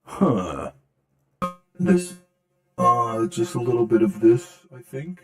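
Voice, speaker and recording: A man's voice: mid-range voice, very animated, slow, over music. A man streaming a video game, joking around and muttering to himself as he plays. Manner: laid-back, joking, mutters to himself while playing. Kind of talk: casual live game commentary.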